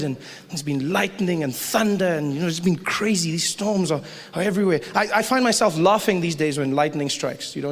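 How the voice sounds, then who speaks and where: A man with a South African accent doing stand-up comedy on a live stage, animated and slipping into acted-out voices of other people. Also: on the high side, long reverb tail. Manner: animated, loud character voices, acted-out quotes. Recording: live room noise.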